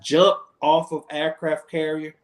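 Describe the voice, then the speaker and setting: Man, high voice, emphatic swearing, echoey room. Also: level tone, unhurried. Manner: emphatic, insistent, profane. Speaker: podcast guest, veteran. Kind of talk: casual chat.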